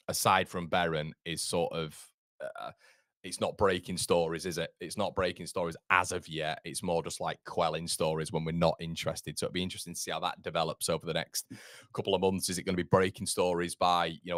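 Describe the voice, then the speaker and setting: A man with a deep voice chats through a football live stream. He rambles casually and greets viewers by name, and his voice is recorded dry and close. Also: a bit bright, no room sound. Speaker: football channel host.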